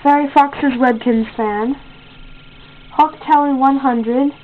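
A woman's voice: high voice, fairly even intonation, takes it slowly, narrow, tinny audio, slight background noise. A female contest host in a casual home video, rambling and correcting herself often. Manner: rambling, with many fillers and self-corrections.

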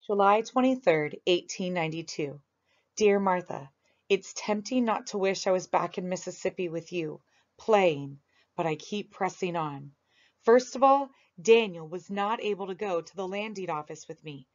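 A woman reading a children's story aloud with expressive delivery. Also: on the low side, normal speed. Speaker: reader. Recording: dull lo-fi recording.

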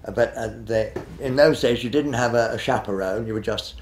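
A man's voice: mid-range voice, brisk, echoey room. A man in his eighties, a retired television director, reminiscing in an interview in a rambling, hesitant way, full of fillers and restarts. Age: 80s.

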